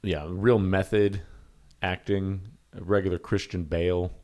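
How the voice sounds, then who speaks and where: A man co-hosting a podcast in casual chat, making dry, deadpan jokes. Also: sits low, a little slow. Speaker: podcast co-host.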